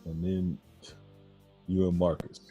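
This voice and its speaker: A man's voice: low voice, completely flat delivery, takes it slowly, dull audio, soft background music. A man co-hosting a podcast, asking questions in a playful, teasing way. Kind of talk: casual chat, asking questions.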